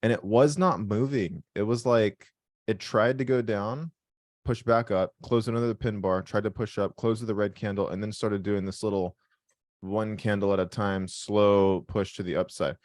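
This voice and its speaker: A man's voice: lowish voice, fairly even intonation, normal speed, a little mellow, no room sound, studio quality. A man hosting a live trading session, talking bluntly, joking and swearing freely as he explains his trades. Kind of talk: live call-in session, casual profanity.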